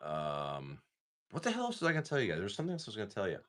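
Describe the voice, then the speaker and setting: A man's voice: on the low side, huge pitch swings, rapid-fire. A man hosting a live card-break stream, chatting casually and rambling, with frequent restarts.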